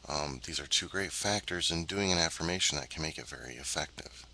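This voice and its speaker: Earnest man with a very low, bright voice. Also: gravelly, slight background noise, poor audio. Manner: earnest, measured, with frequent ums and uhs; emphatic, addresses viewers directly. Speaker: self-help teacher. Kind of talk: spoken self-help lesson.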